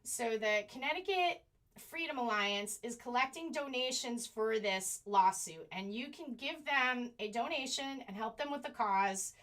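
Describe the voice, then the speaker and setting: Hosting a live online stream, a woman speaks in a bright, clear, fairly high voice directly to her viewers. She's animated, swinging from indignant to apologetic as she hunts for links on a slow computer.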